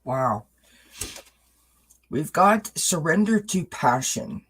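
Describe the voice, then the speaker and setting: A man's voice: on the high side, animated, extremely slow, a bit bright, breathy edge, rough recording. A man giving a live-streamed tarot reading, reassuring his viewers and greeting the chat by name. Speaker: tarot reader.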